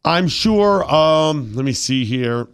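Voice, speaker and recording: Lively-voiced man hosting talk radio. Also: fairly high pitch, slow pace, smooth. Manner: mock-solemn, theatrical, builds to bursts. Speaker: radio talk show host. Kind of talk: casual talk radio banter.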